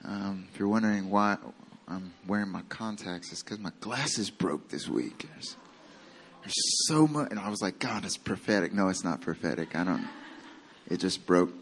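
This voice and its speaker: A man's voice: low voice, lively intonation, normal speed, a little hiss or hum. A man with a Southern American accent preaching a sermon as pastor, talking casually and joking with his congregation. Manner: casual and self-deprecating, with a joking aside.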